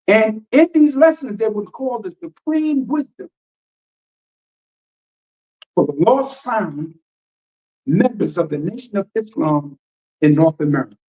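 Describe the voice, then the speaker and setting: A man's voice: sits high, lively intonation, unhurried, long pauses, warm tone, rough recording. A man minister preaching emphatically and firing rhetorical questions, reading passages aloud and explaining them. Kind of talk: radio teaching sermon.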